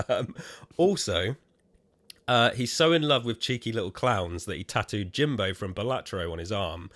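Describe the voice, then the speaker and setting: A man's voice: fairly low pitch, lively intonation, measured pace, fairly bright tone. A man hosting a gaming podcast, giving teasing, jokey introductions in casual chat. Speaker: podcast host.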